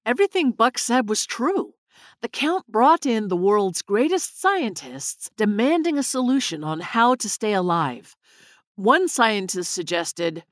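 A woman narrating a children's story with an expressive reading voice. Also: mid-range voice, measured pace, dry recording, clean studio sound.

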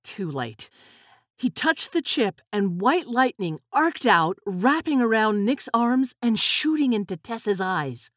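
Woman narrator, storybook reading, slow pace, lively pitch, dry close sound. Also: no room sound. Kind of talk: storybook read-aloud.

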